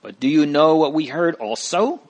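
A man's voice: a little high, lively intonation, moderate pace, a little mellow, pitched above the performer's own voice. A man voicing a scolding neighbor woman. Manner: urgent, scolding, pleading.

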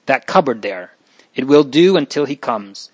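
A man's voice: medium pitch, lively intonation, normal speed, a little mellow, husky, no echo. A man voicing a brave young nobleman boy who speaks with earnest urgency. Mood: urgent.

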